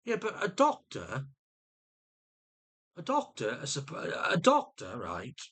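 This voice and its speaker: A man's voice: medium pitch, huge pitch swings, slow, fairly bright tone, breathy edge. A man venting to camera in an agitated monologue, often restarting and repeating his words. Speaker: vlogger.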